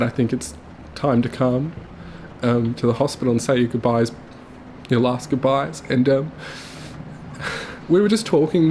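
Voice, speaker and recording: A young man telling his late mother's story to camera, tearful and halting, with his voice breaking. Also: medium pitch, darkish tone, slight background noise. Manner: halting, full of fillers and restarts.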